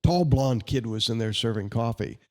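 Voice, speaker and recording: A man with a warm, relaxed voice at a middle pitch. He speaks as a candidate in a podcast interview, pressing his points with indignation and sarcasm. Between arguments he slips into chatty anecdotes. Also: normal speed. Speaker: congressional candidate.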